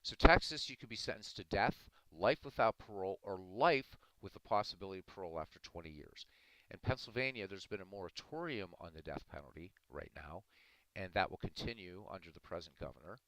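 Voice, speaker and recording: Male streamer, very low voice, dry close mic, earnest and argumentative with viewers. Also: animated, brisk, fairly bright tone, no echo, poor audio. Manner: earnest, argumentative, addressing chat by name. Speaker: livestream host talking to chat. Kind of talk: casual live-stream commentary.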